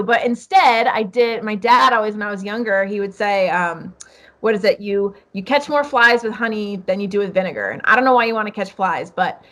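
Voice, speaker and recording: A woman's voice: mid-range voice, fairly bright tone. A woman guest in a casual chat, talking earnestly and rambling along with many fillers. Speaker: podcast guest, hunter.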